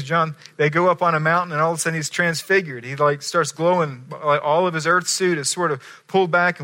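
A middle-aged male pastor preaching a sermon, telling stories with animated voices and dropping from loud to hushed. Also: a little high.

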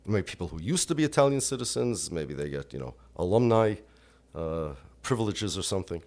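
A man's voice: fairly low pitch, darkish tone. A middle-aged American man giving an impassioned religious lecture, emphatic and full of rhetorical questions. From United States. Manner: emphatic, with rhetorical questions and Yiddish and Hebrew terms.

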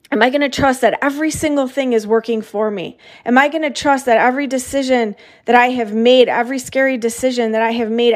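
Earnest woman coaching, slightly high voice. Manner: earnest, emphatic, repetitive. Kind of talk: motivational podcast talk.

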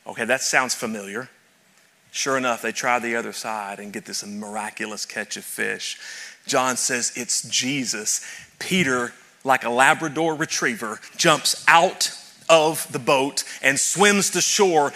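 A man's voice: on the high side, moderate pace, bright, forceful tone. A man preaching a sermon as pastor, telling a story to his congregation and building to fervent emphasis. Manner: addresses audience directly.

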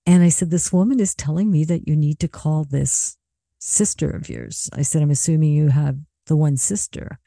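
Woman, psychic medium, casual storytelling, chatty and animated, acts out dialogue, very dark mellow tone, dry close sound. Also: deep voice, gravelly, husky, dry recording. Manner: frequent "like" fillers and small laughs.

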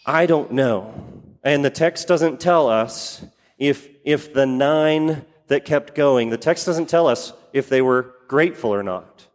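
A man's voice: medium pitch, slow pace, big-room sound. A man preaching a sermon, repeating key phrases for emphasis and putting questions to his congregation. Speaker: pastor.

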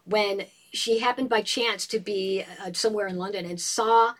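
A woman in a casual book discussion, retelling a novel as an animated storyteller and reading passages aloud. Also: mid-range voice, normal speed.

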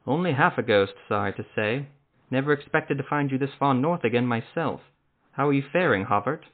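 Wry, understated male sorcerer, read by a man; mid pitch, lo-fi narrow sound. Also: animated, brisk, close to an everyday voice. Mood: warm. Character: wry male sorcerer, middle-aged, guarded. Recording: tinny phone-like sound.

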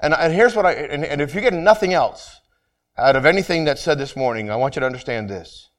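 A man preaching a sermon to his congregation, slowing down to read scripture and pray, and often repeating and restarting his phrases. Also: on the high side, animated, a bit bright. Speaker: pastor.

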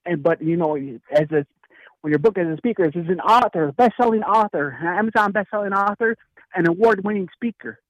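A man and author telling a story in casual chat, acting out the lines of the people in it with lively energy. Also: sits high, brisk, dry recording, highs cut off. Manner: animated, acts out dialogue in story. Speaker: guest speaker and author.

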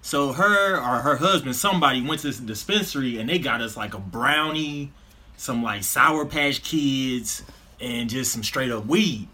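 A man telling a story in casual slangy chat, animated and laughing through the punchlines. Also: medium pitch, unhurried.

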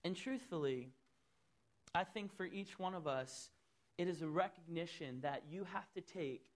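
A man preaching a sermon as pastor in a church, swinging between loud, rising appeals and soft, low asides. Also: normal speed.

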